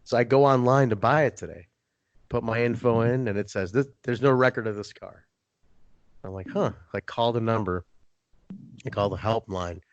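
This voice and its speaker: A man's voice: mid-range voice, normal speed, long pauses, no room sound, highs cut off. A young man hosting a casual podcast, swearing loosely and acting out both sides of his own stories. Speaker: podcast host.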